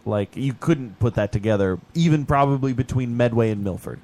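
A man co-hosting a podcast, chatting casually and telling stories with lively, animated delivery. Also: mid-range voice, a little fast. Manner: animated storyteller, puts on silly voices. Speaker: podcast co-host. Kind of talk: casual group chat.

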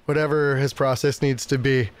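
Casting note: easygoing male guest from New Jersey, casual podcast chat, mid pitch. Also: level tone, moderate pace. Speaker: guest, musician. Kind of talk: casual film discussion.

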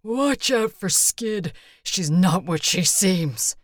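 A woman voicing a wounded oily man who wheezes out slow, desperate warnings in an audiobook. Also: fairly low pitch, lively intonation, no room sound, studio quality.

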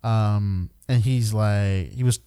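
A man's voice: fairly low pitch, slow pace, dark tone, clear, resonant tone. A man telling a rambling, profane story in casual chat with friends, often laughing. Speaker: podcast regular telling a story.

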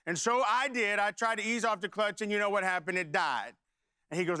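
A man's voice: high-pitched, animated, fairly quick, pushed and bright. A middle-aged man preaching a sermon, telling a folksy personal story and then leading prayer. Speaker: pastor.

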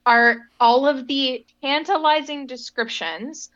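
A bright, forceful woman co-hosting a casual book chat, gushing and animated as she talks. Her voice comes through a somewhat dull, lo-fi mic. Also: high-pitched, takes it slowly. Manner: gushing, animated, reads quotes aloud. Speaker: podcast co-host.

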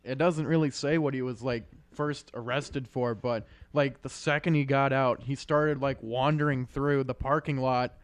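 A young man co-hosting a podcast, reading out a news story in a laid-back, halting way. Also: medium pitch, fairly even intonation, dry recording. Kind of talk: casual chat.

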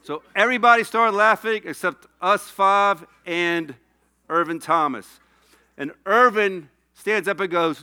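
Male preacher, bright and crisp, slightly high voice; story-driven sermon with fervent build. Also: measured pace. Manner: storytelling, rising to passionate exhortation. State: tearful.

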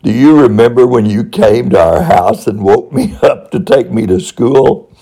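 A man's voice: medium pitch, sing-song, a little slow, warm tone, husky, heavily acted, low-quality recording. A man quoting an earnest eighteen-year-old former student thanking his old principal.

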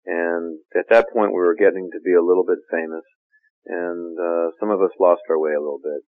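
A middle-aged male actor chatting casually in an interview, relaxed and laughing often. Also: low voice, brisk, dry recording. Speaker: actor guest. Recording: tinny phone-like line.

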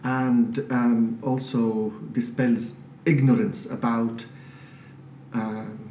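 A man's voice: medium pitch, extremely slow. Man from syria telling stories in an interview, gets really emphatic, sounds kinda far off in an echoey office. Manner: animated, emphatic storyteller. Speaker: priest, charity director. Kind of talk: interview guest, storytelling. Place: charity office. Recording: roomy office, mic at a distance, faint hiss.

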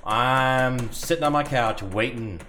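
A man co-hosting a casual podcast, chatty and joking, often cutting in with quick remarks. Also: medium pitch, sharp tone, a little hiss or hum. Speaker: podcast co-host. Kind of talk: casual chat.

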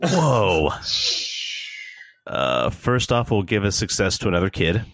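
Low-voiced guy joking around in a tabletop game, voice bounces up and down, dry room. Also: slow, no echo. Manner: joking and animated. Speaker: player.

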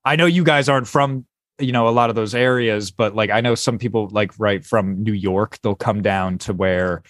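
A man's voice: lowish voice, normal speed, fairly bright tone, no room sound, clean studio sound. A man hosting a podcast, chatting in a rambling, swearing way with frequent laughs. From lives in New Jersey. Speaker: podcast host. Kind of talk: casual chat.

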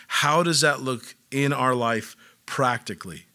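A man's voice: mid-range voice, a little slow, few pauses, sharp tone. A man preaching a sermon in a conversational, playful way, often acting out little voices. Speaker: pastor.

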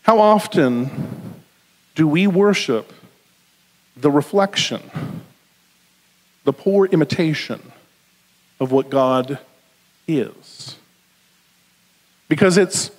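A man with a Southern US accent preaching a conversational sermon with jokey asides, slowing down for emphasis. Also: on the high side, lively intonation. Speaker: pastor. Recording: long hall reverb.

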